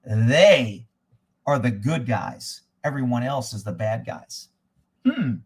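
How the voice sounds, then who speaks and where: A man's voice: mid-range voice, very animated, slow, breathy edge. Blunt, profane man. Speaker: host reading viewer comments. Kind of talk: casual live commentary.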